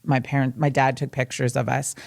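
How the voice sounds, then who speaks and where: A woman co-hosting a podcast, talking casually and haltingly with many fillers. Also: extremely low pitch, level tone, vocal fry, a little mellow, no room sound, studio quality. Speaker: podcast co-host. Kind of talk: casual conversation.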